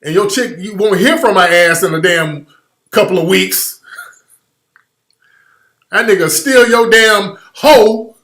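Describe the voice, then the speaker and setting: Brash comic storyteller, man, bright voice, echoey room. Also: sits high, takes it slowly, long pauses. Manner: loud, profane, animated riffing. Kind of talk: comedic storytelling on a podcast. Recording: roomy studio echo.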